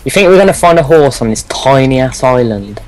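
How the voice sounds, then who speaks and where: A man's voice: medium pitch, expressive, fairly quick, faint music behind, poor audio. Dry, teasing gamer guy. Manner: dry, teasing, grumbles about dying. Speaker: co-player. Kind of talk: casual gameplay chat.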